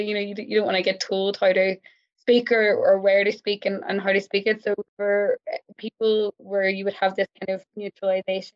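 A woman from Ireland speaks as a researcher guest, measured and academic, leaning on small fillers as she thinks. Her pitch stays fairly level without much rise and fall. The sound is a little dull and lo-fi. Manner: thoughtful, academic, with frequent hedging fillers. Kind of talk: interview conversation.

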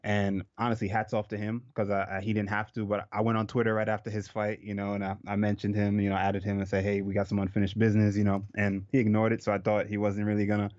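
This is a man from Jamaica, a professional fighter, speaking in a low, relaxed voice. He swears casually and keeps things loose. The recording is dry with a dull, lo-fi sound. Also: fast, few pauses, no room sound. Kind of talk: casual interview chat.

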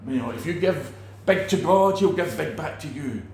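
A man teaching about faith in a relaxed talk, animated, acting out quoted people and restarting his sentences often. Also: a little high, moderate pace, echoey room, a little hiss or hum. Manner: animated, acts out quoted preachers, many restarts. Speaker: preacher.

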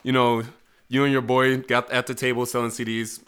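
A man's voice: mid-range voice, level tone, brisk, a bit bright, smooth. A man hosting a casual podcast, putting hypothetical questions to friends and often laughing. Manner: playful, laughs often while asking. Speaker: podcast host reading questions. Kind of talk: casual chat.

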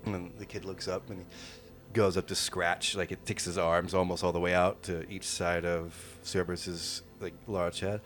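A man's voice: low voice, level tone, normal speed, a bit bright, soft background music. A man narrating a tabletop game as game master, casual and hesitant with many fillers.

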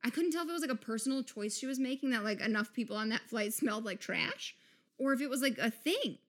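A woman hosting a podcast, ranting in a casual, sarcastic comic monologue, swinging between loud outbursts and muttered asides. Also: on the high side, expressive, fast talker. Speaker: podcast host.

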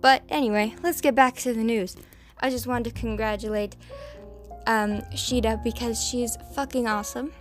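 A woman's voice: a little high, fairly even intonation, normal speed, faint music behind. A young woman hosting a podcast, rambling through the news in a casual, swearing, filler-heavy way. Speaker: podcast host.

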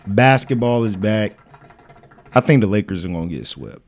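A man's voice: on the low side, lively intonation, normal speed, vocal fry. A man co-hosting a podcast in casual chat, blunt and profane, laughing often. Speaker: podcast co-host.

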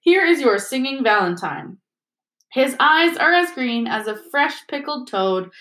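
A woman doing a grim, gruff dwarf. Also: high voice, big pitch swings, measured pace, a bit bright, reverberant, pitched above the performer's own voice, exaggerated voice. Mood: mock-sweet. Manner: gruff, blunt and pushy. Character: grim, surly male dwarf messenger.

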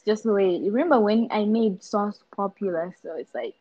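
A young woman from Zimbabwe co-hosts a casual podcast, telling stories in an animated way and giggling often. Her voice sits at a middle pitch for a woman. The recording sounds dull and lo-fi. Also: normal speed. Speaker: podcast co-host. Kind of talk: casual chat.

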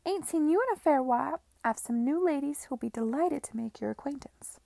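A woman voicing a shrewd, brash older woman who keeps a brothel, loud and folksy in her speech. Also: sits high, expressive, a little fast, vocal fry, no room sound, pitched above the performer's own voice. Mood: brash, sly.

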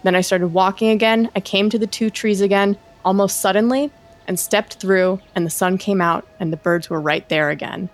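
A young woman co-hosting a casual podcast. She reads a spooky tale aloud, drops into a hushed voice, and swears casually. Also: medium pitch, fairly even intonation, moderate pace. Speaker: podcast co-host. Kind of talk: casual chat, reading a story aloud.

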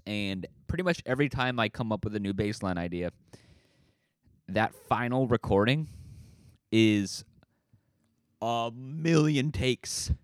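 A man's voice: on the low side, no room sound, clean studio sound. A man hosting a casual solo podcast, rambling and self-deprecating, swearing casually as he talks. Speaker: podcast host.

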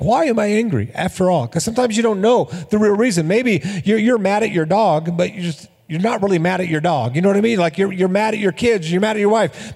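A man's voice: high voice, darkish tone, big-room sound. A middle-aged male pastor preaching a sermon in a conversational, storytelling way, often repeating words.

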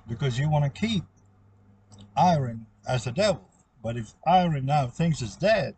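Male speaker, husky and dark in tone, meandering solo monologue, circles back on itself. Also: a little high, lively intonation, moderate pace. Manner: meandering, repetitive, trails off. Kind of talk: rambling spoken monologue.

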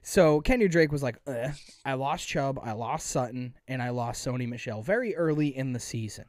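A man's voice: mid-range voice, animated, a little fast, darkish tone, no echo, studio quality. A young man hosting a casual sports podcast, rambling with lots of fillers. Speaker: podcast host and editor.

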